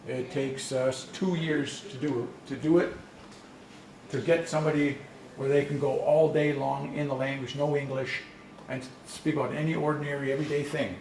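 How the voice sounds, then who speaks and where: In a conference session room, a male language instructor presents a workshop in a flat, somewhat mellow mid-range voice at a moderate pace. His explanations are chatty and story-like, punctuated by frequent restarts. Sound comes through a distant mic in an echoing room, with a little faint noise.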